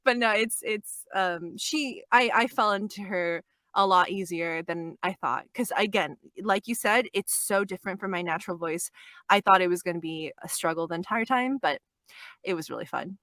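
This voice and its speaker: A woman in her twenties, a guest voice actress, talking in a quick, animated way in a casual podcast interview and laughing often. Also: mid-range voice, no echo, clean studio sound. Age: 20s.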